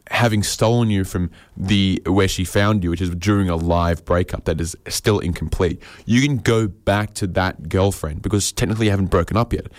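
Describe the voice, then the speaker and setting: A man's voice: low voice, no echo, studio quality. A man riffing through an absurd comedy scenario in a playful, rambling way.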